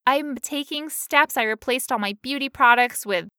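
A woman's voice: high voice, normal speed, bright, forceful tone, smooth, dry recording, clean studio sound. A young woman co-hosting a podcast, talking candidly and emotionally, with frequent laughs. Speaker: podcast co-host. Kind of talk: personal, emotional podcast talk.

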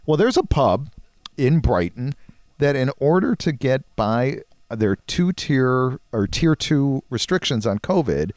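A man's voice: mid-range voice, big pitch swings, takes it slowly, a little mellow, no echo. A man co-hosting a podcast, telling stories in a rambling, chuckling way. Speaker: podcast co-host, marketing professor. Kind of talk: casual chat.

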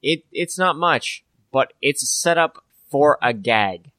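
A man's voice: on the high side, animated, slow, sharp tone, dry recording. A man co-hosting a podcast, chatting casually and sarcastically about tabletop game spells, with jokey asides and swearing. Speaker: podcast co-host.

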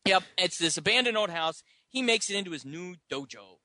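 Bright, dry-voiced man recapping a movie. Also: expressive, a little fast, no echo. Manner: recaps plots, acting out characters in high silly voices. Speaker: podcast co-host. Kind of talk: casual movie podcast chat.

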